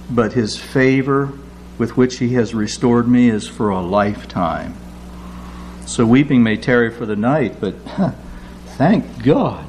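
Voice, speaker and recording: A man preaching a sermon, acting out quoted prayers with lively rises in his voice. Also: mid-range voice, slight background noise. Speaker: pastor.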